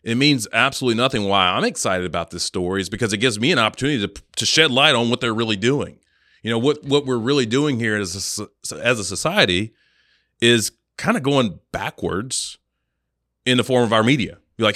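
Podcast dude riffing sarcastically, mid-pitched voice, dry mic. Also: male voice, a little fast, dry recording. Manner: sarcastic, animated, laughs often. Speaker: podcast co-host. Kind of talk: casual podcast chat.

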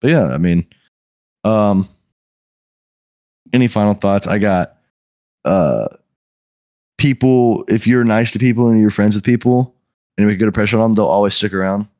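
A man hosting a casual podcast chat, telling stories in an animated, swearing way and mimicking customers. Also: lowish voice, moderate pace, long pauses, dry recording. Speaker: podcast host.

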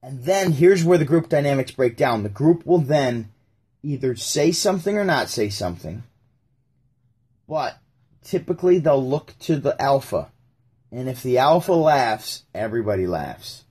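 A man hosts a casual livestream, rambling through his points. His voice is slightly husky and breathy at a middle pitch. He slips into quick impressions of the people in his stories. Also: lively intonation, darkish tone. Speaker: live-stream host.

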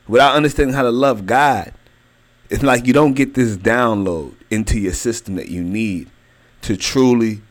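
A young adult man preaching a sermon, emphatic and repetitive, drawing key phrases out slowly. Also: mid-range voice.

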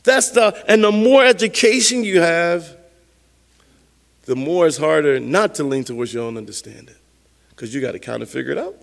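High-voiced man preaching in a reverberant hall. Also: lively intonation, normal speed, vocal fry. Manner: emphatic, conversational preaching with repeated words. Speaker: pastor. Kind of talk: sermon.

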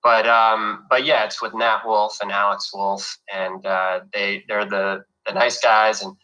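A man's voice: on the low side, little pitch movement, a little slow, bright, forceful tone, rough recording. A young man from New York, an actor guest telling his story in an easygoing, rambling way. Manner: easygoing, rambling with fillers and restarts. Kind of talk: casual interview chat.

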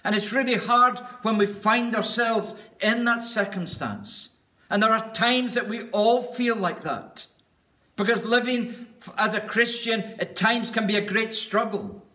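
A man preaching with a high, bright voice at an unhurried pace. He speaks earnestly and deliberately, lingering on each word as he builds a list. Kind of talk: sermon.

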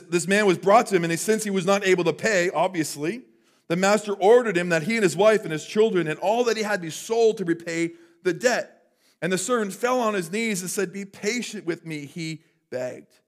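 Male pastor, fairly high voice, animated conversational preaching, drops to near-whisper for emphasis. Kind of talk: sermon. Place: church sanctuary.

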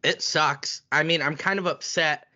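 Male podcast co-host, bright and animated, teasing, lo-fi sound. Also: a little high, measured pace. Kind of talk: casual sports chat.

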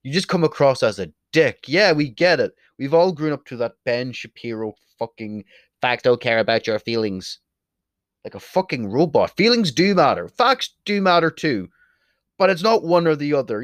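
A young Irish man from Ireland, a video creator with an Irish accent, speaks casually to camera, making blunt, opinionated remarks and swearing freely. His voice is medium-pitched and the recording is dry.

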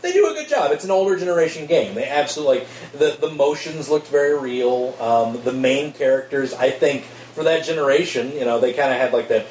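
A man's voice: medium pitch, a little fast, few pauses, darkish tone. A man co-hosting a podcast in casual, rambling chat, laughing often. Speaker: podcast co-host. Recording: roomy echo, distant mic, faint hiss.

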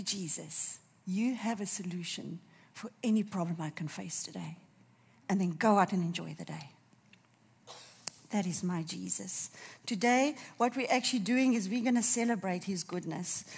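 A woman's voice: medium pitch, a little mellow, slightly rough. A woman preacher with a runny nose, delivering a sermon and repeating key phrases for emphasis.

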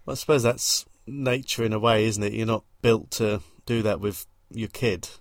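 Podcast co-host, casual film chat, relaxed, dry close sound. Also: medium pitch, normal speed, no room sound.

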